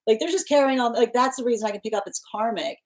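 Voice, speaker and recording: A woman giving a live tarot reading, talking in a rambling way with many restarts and repeated phrases, breaking into sudden animated bursts. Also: fast talker, poor audio. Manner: bursts into laughter and animated pitch jumps. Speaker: tarot reader.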